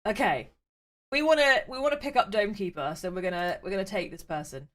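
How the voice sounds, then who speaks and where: A woman streaming a game, chatty and playful, reading story text aloud to her chat. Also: fairly quick. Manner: chatty and playful, reads with varied pitch.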